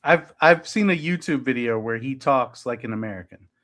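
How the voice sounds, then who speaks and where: Halting, questioning male podcast co-host. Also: mid-range voice, a bit bright. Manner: questioning, halting, full of likes. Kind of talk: casual chat.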